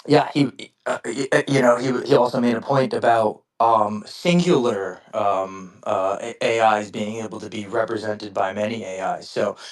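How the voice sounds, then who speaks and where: A man with a lowish voice talks through a casual podcast chat, stumbling over restarts and fillers as he works toward his point. He sits somewhat back from the microphone, so the sound is slightly distant. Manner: halting, many restarts and fillers. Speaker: podcast co-host. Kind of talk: casual conversation.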